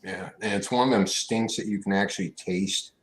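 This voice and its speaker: A man's voice: fairly low pitch, big pitch swings, moderate pace, gravelly, crowd noise. A man making short reactions in a casual chat.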